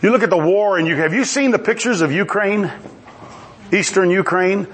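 A middle-aged man preaching a sermon in an animated, exclamatory way, acting out quoted voices. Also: high voice, moderate pace, slight background noise. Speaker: pastor.

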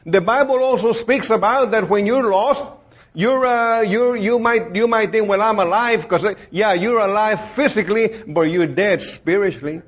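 A man preaches an informal, plain-spoken, folksy sermon, rambling with plenty of fillers and restarts. His voice is high-pitched and slightly rough at a normal speed, captured in a dull lo-fi recording.

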